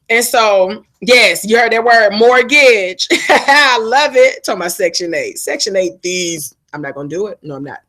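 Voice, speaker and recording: Lady vlogging her story, middle-aged, sassy and animated, lots of laughing. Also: medium pitch, moderate pace. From Georgia, USA. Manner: animated, sassy, laughing, quotes people in loud raised voices. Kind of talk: casual storytime to camera.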